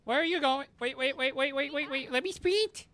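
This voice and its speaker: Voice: sits high, moderate pace, pushed and bright, no echo. A gaming streamer commenting on a horror game, jumpy and chatty, talking back to the characters and dropping to a whisper when tense. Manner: drops to a whisper in tense moments. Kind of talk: horror let's play commentary.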